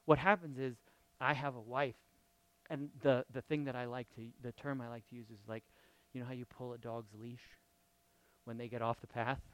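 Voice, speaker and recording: A middle-aged man preaching a lively, conversational sermon, often asking his listeners questions. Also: mid-range voice, moderate pace, clear, resonant tone, no echo. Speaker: pastor.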